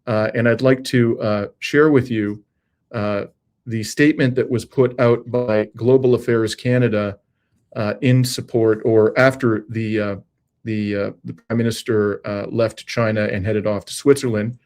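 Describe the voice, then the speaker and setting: A man hosting an interview over a video call, speaking in a measured way with frequent "uh" fillers. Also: on the low side, fairly even intonation, darkish tone. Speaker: interview host. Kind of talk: scripted intro then interview questions.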